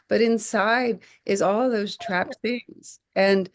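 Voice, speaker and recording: A woman in her forties, a podcast guest, telling stories in an animated way, acting out quotes and often restarting her phrases. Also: mid-range voice, takes it slowly. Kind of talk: conversational podcast storytelling.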